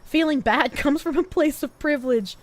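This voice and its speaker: A young woman streaming live, chatting casually and thanking viewers, swinging from loud high squeals to low mutters. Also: moderate pace, a little hiss or hum. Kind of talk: casual live-stream chat reading donations.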